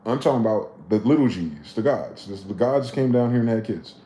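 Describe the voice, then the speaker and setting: A man's voice: fairly low pitch, lively intonation, fairly quick. Ranting late-30s man, roomy echo. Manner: heated, profane, preachy rant with sharp swings in loudness. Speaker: livestreamer. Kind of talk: ranting livestream monologue.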